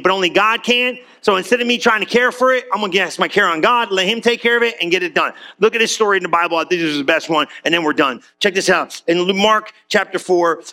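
A man preaching to his church in a lively, conversational way, mixing slang with questions to the crowd. His voice sits high and bright, with a gravelly edge. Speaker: pastor. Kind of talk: sermon.

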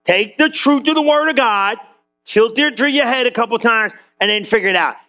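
A man's voice: very high voice, a little fast, sharp tone. A man preaching a sermon to a church congregation, throwing questions back at the crowd. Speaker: pastor.

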